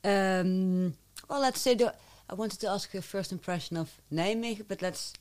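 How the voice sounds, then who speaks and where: A woman's voice: medium pitch, normal speed, darkish tone. A woman, a language teacher hosting an interview and explaining pronunciation patiently. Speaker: Dutch language teacher and host.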